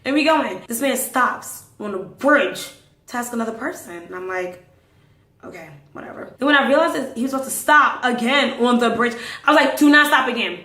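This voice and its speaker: A woman hosting a podcast, telling stories casually in an animated way, acting out the dialogue and dropping into hushed asides. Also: on the high side, brisk. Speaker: podcast host. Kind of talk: casual storytelling. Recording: roomy echo.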